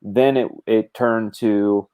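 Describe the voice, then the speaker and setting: A man's voice: on the low side, fairly even intonation, slow, mellow, clear, resonant tone. A middle-aged man in casual conversation, animatedly explaining drawing craft with gestures and quoted thoughts. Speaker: comic book artist guest.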